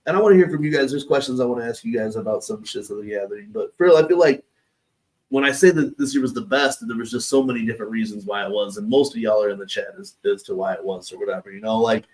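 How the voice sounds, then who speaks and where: A man's voice: on the low side, fast talker, rough recording. A man co-hosting a live webshow, rambling casually with lots of fillers. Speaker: show co-host. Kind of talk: live webshow recap chat.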